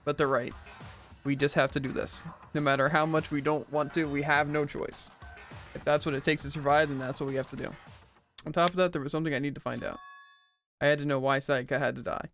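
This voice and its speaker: Male streamer: rapid reader, voice sits a bit high, voices all characters himself, quips between lines, faint game music under him. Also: fairly even intonation, fairly bright tone. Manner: reads every character's lines himself, with jokey asides. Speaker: streamer reading a visual novel aloud. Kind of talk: let's play, reading game dialogue aloud.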